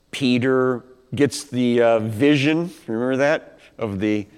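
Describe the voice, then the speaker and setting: A man's voice: mid-range voice, darkish tone. A man preaching a Bible teaching sermon in a conversational way, asking rhetorical questions and acting out quotes. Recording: long hall reverb.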